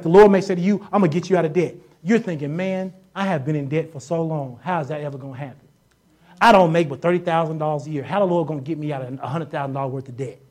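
A woman's voice: on the low side, a little mellow. A woman preaching a sermon in a casual, joking way, often acting out voices and sounds and repeating herself for emphasis. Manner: casual colloquial speech with repetitions.

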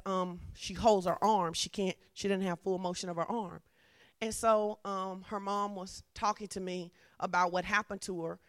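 A woman's voice: medium pitch, a bit bright, dry recording, studio quality. A woman preacher, delivering a sermon in a conversational style that builds to fervent emphasis.

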